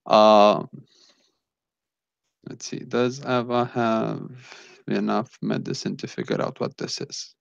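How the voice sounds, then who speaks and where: A man's voice: fairly low pitch, flat delivery, slow pace, creaky, long pauses, dry recording, lo-fi sound. A man narrating as game master of a tabletop game, describing scenes with frequent fillers.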